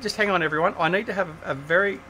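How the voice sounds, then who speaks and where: A man's voice: high-pitched, racing, pushed and bright, slight background noise. A man hosting a casual gaming livestream, chatting and teasing his guests while he plays. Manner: chatty, teasing, thinking aloud while playing. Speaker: livestream host.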